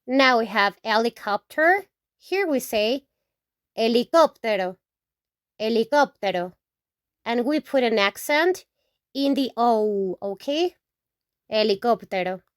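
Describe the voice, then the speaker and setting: A woman teaching the Spanish alphabet, saying each word slowly several times and checking in with "okay?". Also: fairly high pitch, animated, a bit bright, no room sound, clean studio sound. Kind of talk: slow alphabet lesson with repetition.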